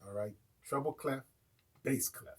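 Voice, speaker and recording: A man's voice: mid-range voice, a little slow, darkish tone, husky. A man with an American accent teaching a casual live online drum lesson and often checking in with his viewers.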